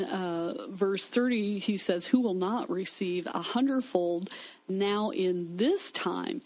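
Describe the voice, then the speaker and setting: A woman with a mid-range voice teaches from scripture in a Christian discussion. She stresses key words with force and pauses to let points sink in. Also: mid-range voice, a little mellow, poor audio.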